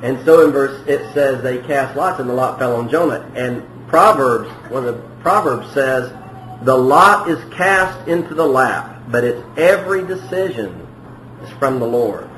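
A man's voice: mid-range voice, animated, a little slow, a bit bright. A man preaching a verse-by-verse sermon in a conversational way, often asking the congregation questions. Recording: echoey room with faint noise.

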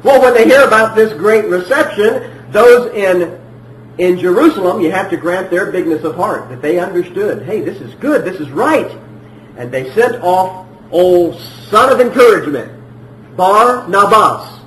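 A man preaching a sermon emphatically, repeating phrases and swinging between loud and hushed. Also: high voice, lively intonation, a little slow, roomy sound, a little hiss or hum, rough recording.

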